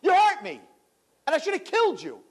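A man acting out an angry, self-absorbed sorcerer who shouts indignantly. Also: very high-pitched, wildly swooping pitch, brisk, voice pushed up, full character voice. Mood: furious.

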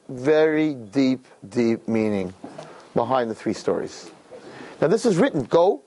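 A man's voice: a little high, rough recording. A man teaching a weekly religious class, telling stories and speaking straight to his listeners with lots of repetition. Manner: animated, repeats words, addresses listeners directly. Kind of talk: weekly religious lecture with storytelling.

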